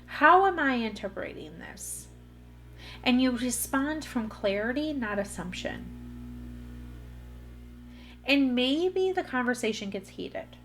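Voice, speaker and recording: A woman's voice: sits high, expressive, takes it slowly, long pauses, fairly bright tone, soft background music. A woman hosting a solo podcast, talking earnestly in a coaching way straight to her listeners. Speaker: podcast host. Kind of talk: solo motivational podcast talk.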